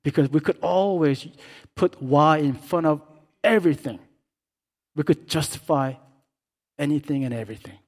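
A man preaching a sermon as pastor, swinging between hushed, quiet stretches and loud, impassioned calls. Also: a little high, moderate pace, long pauses.

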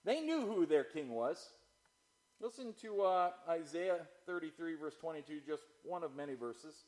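Male pastor, sermon delivery, slightly higher voice, big dynamic swings between booming and hushed. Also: expressive, normal speed, rough recording. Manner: dramatic, swings from loud declamation to low quiet asides.

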